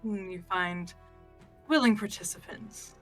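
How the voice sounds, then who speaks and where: A woman's voice: mid-range voice, unhurried, fairly bright tone, faint music behind, lightly acted. A woman playing a weary character who pleads for help in a tabletop game, heard from away from the mic. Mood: pleading.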